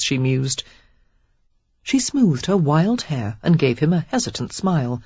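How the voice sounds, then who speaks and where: An audiobook narrator reading a romance novel in steady, expressive storytelling. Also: medium pitch, a little slow, husky, dry recording. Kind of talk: scripted narration. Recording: dull lo-fi dry recording.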